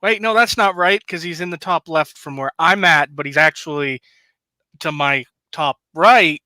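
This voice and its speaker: Panelist, male, 30s, wry explainer, bright higher voice, dry. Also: normal speed, dry recording. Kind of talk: casual panel chat. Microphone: video call.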